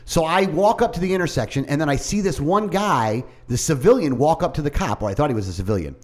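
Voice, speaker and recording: A man co-hosting a casual talk show, telling a story in an animated way, swearing freely and acting out what others said. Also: on the high side, quick pace. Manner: animated storytelling, heavy swearing, acts out quoted voices. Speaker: podcast co-host. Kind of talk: casual chat.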